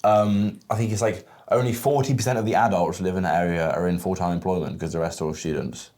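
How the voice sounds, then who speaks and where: Young host, low voice, loose banter with casual swearing. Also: male voice, fast talker, darkish tone. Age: young adult. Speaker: podcast host. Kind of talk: casual chat.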